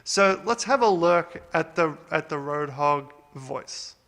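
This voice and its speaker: A man's voice: fairly high pitch, lively intonation, slow pace, a bit bright, big-room sound, a little hiss or hum. A man from Australia hosting a casual music production walkthrough, upbeat and rambling with fillers. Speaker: music producer, channel host.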